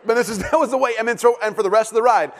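Speaking in a very high voice at a rapid-fire clip, a pastor in his thirties recounts a family story during his sermon, animated and laughing a lot.

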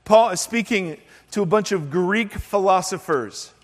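Man, pastor, sermon, high voice, joking asides, long church reverb. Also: measured pace. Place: church sanctuary.

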